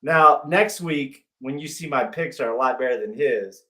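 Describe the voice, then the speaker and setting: A man guesting on a casual show, giving an upbeat, direct shout-out to listeners. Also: medium pitch, normal speed. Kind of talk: casual chat.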